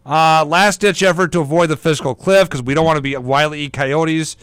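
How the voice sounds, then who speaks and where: A man's voice: fairly high pitch, fairly even intonation, fairly quick, fairly bright tone, clear, resonant tone, no room sound. A man hosting a casual, jokey news chat on a radio show, rambling between stories. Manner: rambling, jokey, breaks into mock singing.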